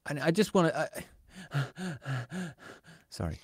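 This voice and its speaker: A man's voice: lowish voice, animated, fairly quick, no echo. A man co-hosting a podcast in casual conversation, talking animatedly in a rant and acting out the voices of people he quotes. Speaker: podcast co-host.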